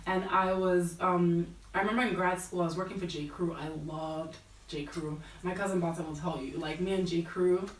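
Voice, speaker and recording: At a moderate pace and with a steady tone, a fairly low-voiced American woman in her thirties talks about her career as a fashion buyer, appearing as a guest. She keeps it casual and chatty, dropping plenty of fillers like "like" and "you know." The recording is roomy and distant.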